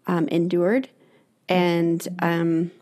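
Young woman guest, somewhat low-voiced, earnest, halting and searching. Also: completely flat delivery, a little mellow. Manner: earnest, hesitant, many ums and restarts. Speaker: guest, runner. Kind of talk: casual conversation.

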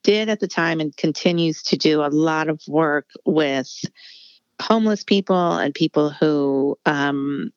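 A woman's voice: sits low, unhurried, no room sound, muffled recording. A middle-aged woman author speaking candidly in a casual interview, rambling with many fillers. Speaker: author guest.

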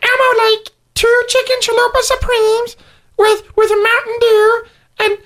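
A man doing a very high squeaky voice of a cheerful childlike furry monster. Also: level tone, unhurried, a bit bright.

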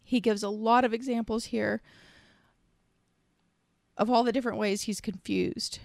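Earnest woman with a gravelly edge. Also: a little high, fairly even intonation, unhurried, darkish tone, dry recording, clean studio sound. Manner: earnest and reflective, speaks in long searching sentences. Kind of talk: casual conversation.

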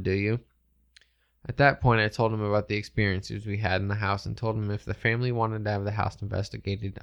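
A man reading a ghost story aloud in a steady, matter-of-fact way, chatting with a co-host between passages. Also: on the low side, vocal fry.

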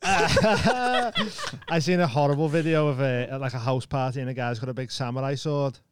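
A man's voice: medium pitch, moderate pace, heavy background noise. A man with a British accent, a podcast co-host in casual chat, blunt and slangy, swearing often and mimicking people.

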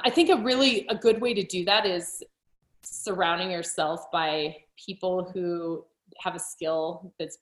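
Woman coach and author chatting in an interview, lowish voice, laughs a lot, lots of ums, roomy echo. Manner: chatty, laughs often, many fillers and restarts. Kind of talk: casual podcast interview.

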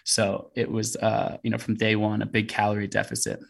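Podcast guest, a man with a lowish voice, earnest storyteller. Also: flat delivery, a little fast, creaky. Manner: earnest storytelling, many "you know" fillers. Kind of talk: storytelling interview.

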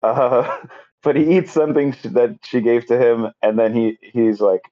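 Man, casual podcast chat, rambling retelling, lots of ums and likes, middling pitch, slightly dull lo-fi sound. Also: fairly even intonation, moderate pace. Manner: rambling, filler-heavy retelling with acted-out quotes. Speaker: podcast co-host recapping a movie.

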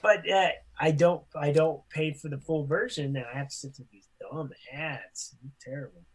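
A man's voice: on the high side, normal speed, husky. A man co-hosting a casual podcast, talking about games in a loose, jokey way and now and then slipping into goofy voices. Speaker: podcast co-host. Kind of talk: casual chat.

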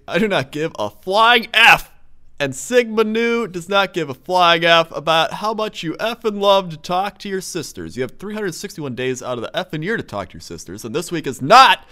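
Animated man reading a rant aloud. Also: high-pitched, moderate pace. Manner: animated and exaggerated, bleeping curses as "effing", breaking into laughter. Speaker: reader of a viral email. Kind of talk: dramatic comedic reading aloud.

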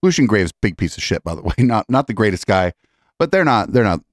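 A man hosting a live podcast in casual commentary, profane and rambling, often clearing his throat. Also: lowish voice, sing-song, fairly quick, no echo, clean studio sound. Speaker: podcast host.

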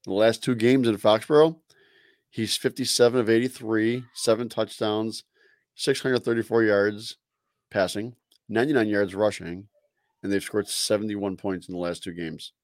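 A man's voice: fairly low pitch, fairly even intonation, normal speed, no echo, studio quality. A man co-hosting a casual sports podcast, laid-back, using fillers as he reels off stats and rumors. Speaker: podcast co-host.

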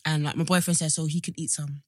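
A woman's voice: sits low, quick pace, no echo, studio quality. A young woman, co-hosting a casual chat podcast and telling stories animatedly, acting out the dialogue. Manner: animated storyteller who acts out quoted dialogue. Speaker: podcast co-host.

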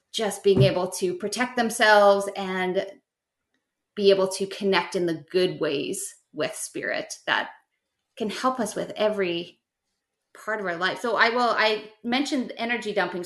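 A middle-aged woman, a guest teaching a spiritual practice on an explanatory podcast, gently walks the listener through a simple exercise step by step. Her voice is middle-pitched for a woman, and the room gives it a noticeable echo.

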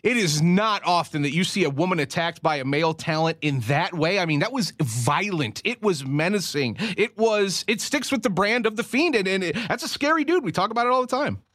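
A man co-hosting a sports radio show, chatting casually, animated and laughing often. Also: high voice, fairly quick, hardly any pauses, no echo, studio quality.

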